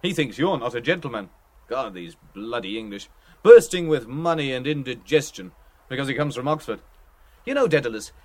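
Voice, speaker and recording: A man's voice: mid-range voice, voice pushed up, natural voice. A man reading an audiobook, voicing a plump, irreverent young man who talks gaily in a theatrical, mock-preaching way. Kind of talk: audiobook character voice.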